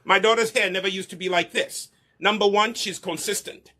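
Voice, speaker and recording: A man's voice: high-pitched, fairly even intonation, brisk, bright, forceful tone. Preachy man demonstrating hair care. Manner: preachy, repeats questions like "Okay?" and "Do you understand me?". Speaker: hair care business co-owner demonstrating products.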